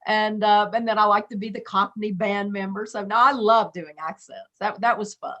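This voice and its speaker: A woman's voice: medium pitch, steady tone, moderate pace, pushed and bright, muffled recording. A woman, a stage actor, chatting upbeat and giggly on a video call. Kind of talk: casual video call chat.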